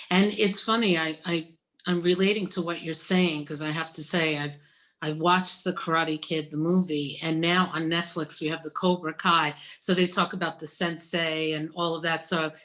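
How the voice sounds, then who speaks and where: A woman in her fifties hosts a relaxed interview over a video call. She talks in a chatty, effusive way, joking and heaping praise. Her voice sits slightly low for a woman. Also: moderate pace. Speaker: interviewer, university gift planning director.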